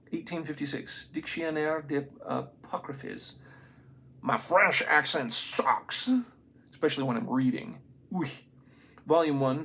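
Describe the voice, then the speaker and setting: A man reading a book aloud in a casual, unprofessional way, stumbling over names and adding excited comments of his own. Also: on the high side, slightly rough. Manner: reads haltingly, stumbles on names, adds excited asides. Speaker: amateur reader of a book.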